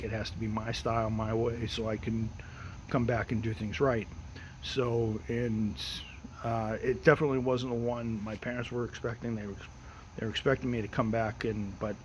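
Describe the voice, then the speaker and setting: A man's voice: mid-range voice, slight background noise, poor audio. American guy chatting outside at night, easygoing, repeats himself a lot, faint bugs chirping. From United States. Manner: rambling and repetitive, frequent restarts; relaxed and unhurried. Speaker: host of his own daily audio show. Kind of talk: casual personal monologue. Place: outdoors at night.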